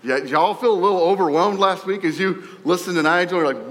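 A man preaching a sermon as pastor, talking in a conversational, animated way and often repeating words as he tells a story. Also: high voice, fast talker, hardly any pauses. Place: church sanctuary. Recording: echoey hall with long reverb.

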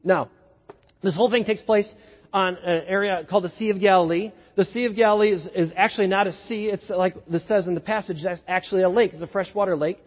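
Animated preacher with a husky, high voice. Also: male voice, fast talker. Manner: animated storytelling, building to excited peaks. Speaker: pastor. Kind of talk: sermon. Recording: dull lo-fi sound with long hall echo.

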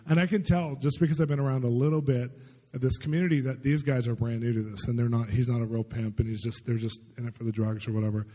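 A man preaching a sermon as a testimony story. He rambles excitedly with many fillers. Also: mid-range voice, quick pace. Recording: long hall reverb.

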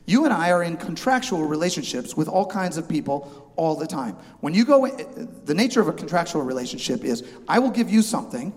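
Preaching a humorous sermon at a fairly quick pace, a pastor with a slightly high voice animatedly acts out both sides of a haggle in lively back-and-forth voices. A long reverb suggests a large church.

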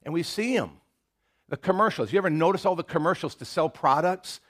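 A pastor with a Southern American accent preaching a casual sermon, chuckling often and acting out little quotes. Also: male voice, a little high, expressive, fairly quick, fairly bright tone. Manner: conversational, laughs often, restarts and acts out quotes.

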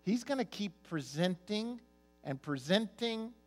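Guy preaching a sermon, bit of a high voice, goes loud then real quiet, soft music under it. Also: animated, a little slow. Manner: storytelling, swings from loud emphasis to soft and quiet. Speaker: pastor.

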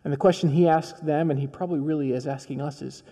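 A man's voice: on the high side, steady tone, quick pace, warm tone. A man preaching a sermon in a conversational storytelling style, acting out dialogue as he goes. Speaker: pastor. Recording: long reverb of a large hall.

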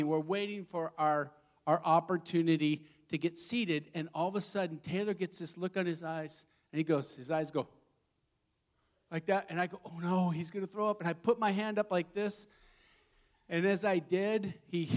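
Animated high-voiced male pastor. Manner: animated, laughing, acting out stories. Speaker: lead pastor. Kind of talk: sermon with storytelling.

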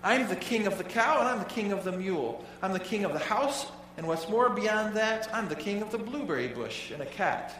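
A man putting on a swaggering storybook turtle king, proud and grandiose. The voice rides high and booms out in proclamation. It sounds far from the mic, with a long hall reverb and a faint hum behind it. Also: animated, brisk, few pauses, fairly bright tone. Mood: gloating. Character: boastful vain turtle king, male.

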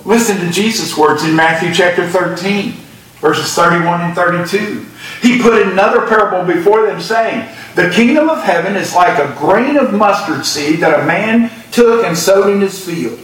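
A man with a high voice preaches a morning sermon, leaning hard on the Scripture he reads aloud. The sound is very echoey, picked up from some distance in a church sanctuary. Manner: preaching with emphatic Scripture reading. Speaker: pastor.

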